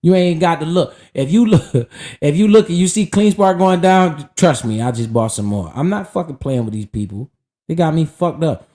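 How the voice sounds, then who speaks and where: A man's voice: a little high, lively intonation, moderate pace, mellow. A man streaming live, casually talking about investing in a profane, hyped and preachy way.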